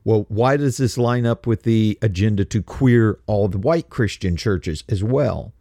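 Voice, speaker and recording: A man's voice: warm tone, no echo. A man hosting a talk show, delivering an impassioned, indignant and mocking monologue that climbs to heated, emphatic peaks. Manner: climbs to heated, emphatic peaks, then drops low and slow. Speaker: show host.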